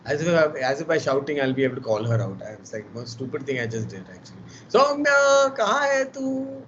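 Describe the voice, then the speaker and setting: A male lecturer with an Indian English accent teaches an online class, talking fast at a medium pitch in a steady yet worn, tired voice. He is chatty and teasing, sprinkling Hindi words into his English. The video-call audio is slightly muffled, with faint background noise.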